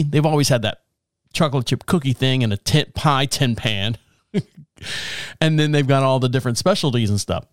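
A man's voice: medium pitch, dry recording, studio quality. A middle-aged man hosting a podcast in a casual, rambling monologue, self-mocking, swearing and laughing often. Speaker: podcast host. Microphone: podcast mic, also filmed.

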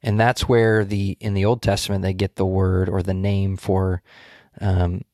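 A man's voice: sits low, flat delivery, measured pace, warm tone, no room sound, studio quality. A man co-hosting a casual Bible study discussion, explaining passages in a thoughtful, searching way with frequent restarts.

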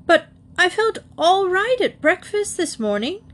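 A woman voicing a small, earnest bear, high and fretful. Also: sing-song, measured pace, slight background noise. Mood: alarmed. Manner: earnest and indignant. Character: polite young male bear, easily alarmed.

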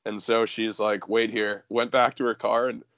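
A man's voice: fairly low pitch, level tone, normal speed, fairly bright tone, dry recording, muffled recording. A young man telling a story casually, rambling with lots of fillers and swearing.

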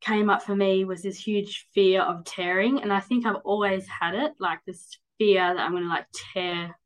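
A woman in her 30s appears as a podcast guest in a casual interview chat, her mid-range voice steady and at normal speed on a rough recording. She talks candidly and at length, rambling with frequent "like"s and "um"s.

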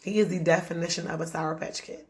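A woman's voice: lowish voice, steady tone, fast. A woman co-hosting a casual chat, making joking, dry asides. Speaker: podcast co-host.

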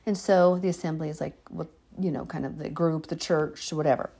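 A woman gives an informal Bible teaching, reading scripture aloud and then explaining it with earnest conviction. Her voice is husky and mellow, sitting fairly low. She talks in a casual, preachy way. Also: a little fast. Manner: earnest, preachy, chokes up emotionally.

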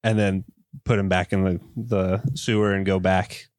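A man recapping a movie scene in a halting way, with many restarts, in a casual chat. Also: low voice, level tone, a little mellow, dry recording, studio quality. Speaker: podcast co-host.

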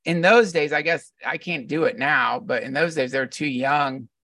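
A man's voice: fairly high pitch, normal speed, bright, forceful tone, dry recording, studio quality, distant mic. A middle-aged man, a podcast guest, talking casually in a reflective, meandering storytelling way. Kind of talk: casual conversation.

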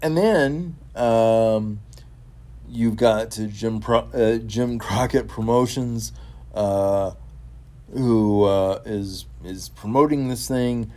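A man with a mellow, warm voice hosting his own wrestling talk show at an unhurried pace. He stumbles through fillers and repeats words, then gushes with enthusiasm about the week ahead. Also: fairly low pitch. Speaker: podcast host.

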